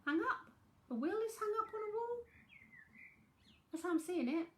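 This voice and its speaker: A woman's voice: very high-pitched, animated, normal speed, a bit bright, a little hiss or hum. A woman with a London accent giving a chatty live psychic tarot reading from home, repeating herself as she talks to viewers.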